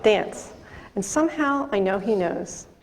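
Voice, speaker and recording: Middle-aged woman, mid-pitched, earnest talk to an audience in an echoing hall. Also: lively intonation, measured pace, vocal fry. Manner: earnest, talks directly to the audience with questions. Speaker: speaker on drunk-driving prevention. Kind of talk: personal testimony talk to an audience. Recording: long reverb from a large hall.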